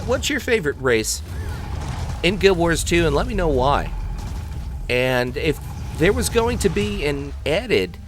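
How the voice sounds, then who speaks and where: Rambling, joking gamer man. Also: medium pitch. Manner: rambling, joking, taunting game enemies. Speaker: gaming video host. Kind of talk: let's play commentary.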